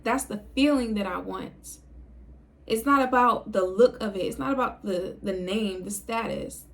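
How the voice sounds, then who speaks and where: Young woman, mid-pitched, speaking low and calm to camera; relaxed casual vlog chat. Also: measured pace. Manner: low, calm, chill delivery. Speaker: video creator.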